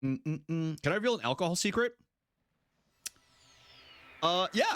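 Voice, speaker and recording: Man, young adult, streamer, casual chat, animated pitch, laughs a lot. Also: moderate pace, pauses often, no echo, soft background music. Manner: lively, laughs often, chats with viewers.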